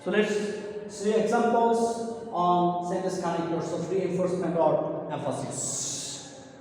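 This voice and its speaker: Slow, high-voiced man lecturing in an echoey room. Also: steady tone, darkish tone. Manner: repetitive, addresses listeners as dear students. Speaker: English teacher. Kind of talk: recorded grammar lecture. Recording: echoey room, far from the mic.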